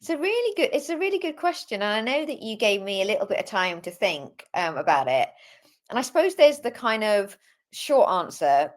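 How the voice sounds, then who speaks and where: A woman from Britain, a coaching guest on a webinar, talking reflectively and laughing easily over a video call. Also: on the low side. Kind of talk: casual webinar conversation.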